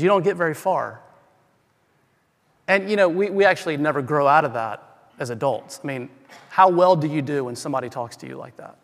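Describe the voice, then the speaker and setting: A man's voice: on the high side, fairly bright tone. A male pastor preaching a sermon, emphatic and repetitive, asking the congregation rhetorical questions. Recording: long hall reverb.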